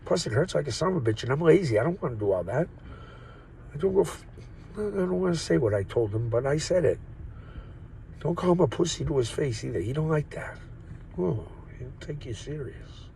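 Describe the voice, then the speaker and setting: This vlogger's voice is on the high side, gravelly yet mellow, animated and fairly quick. He rambles into his phone with jokes and profanity, wandering off topic, and the poor audio carries a little hiss or hum.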